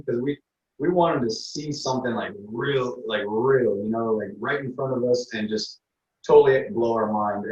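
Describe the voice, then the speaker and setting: A man, an interview guest, telling a story in a casual, halting way and acting out what others said. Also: medium pitch, echoey room, recorded from a distance, muffled recording. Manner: animated, halting storytelling that acts out others' lines.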